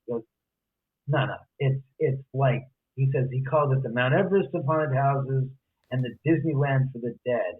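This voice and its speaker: A man's voice: mid-range voice, normal speed, a little hiss or hum. A man, a guest author, animatedly telling a story and acting out the other person's lines. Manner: acts out quoted dialogue. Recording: tinny phone-line audio.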